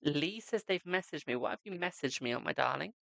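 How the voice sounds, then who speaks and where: A man's voice: a little high, lively intonation, a little fast, creaky, bright, forceful tone, no room sound. A man streaming live, reading tarot cards and chatting with viewers, calling them "my darling". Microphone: desk microphone.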